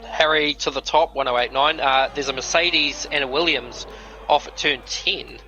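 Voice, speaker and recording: A man co-commentating a sim race, casual and relaxed, calling out lap times and incidents. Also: medium pitch, normal speed, lo-fi sound. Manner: casual, relaxed, reads out timing updates. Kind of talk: live esports race commentary.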